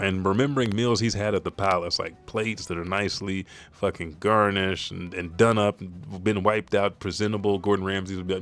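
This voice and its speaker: Host, male, low voice, casual profane recap and reaction, faint music bed. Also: fairly even intonation, moderate pace, a bit bright. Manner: loose, profane and joking. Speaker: channel host.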